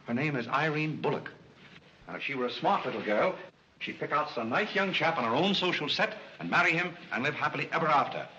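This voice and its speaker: An actor playing a polite, composed butler who speaks calmly and courteously, in 1930s film style. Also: male voice, fairly high pitch, a little hiss or hum. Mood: patient. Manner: calm, courteous, measured. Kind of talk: 1930s screwball film acting. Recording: muffled 1930s film soundtrack.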